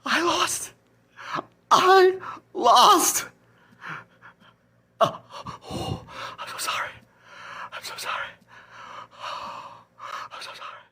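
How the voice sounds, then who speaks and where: A woman's voice: on the high side, very animated, a little slow, long pauses, a bit bright, husky, heavily acted. A woman playing a panicked, guilt-ridden fantasy football manager in a comedy sketch, whispering breathlessly and swinging between terror and relief. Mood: despairing.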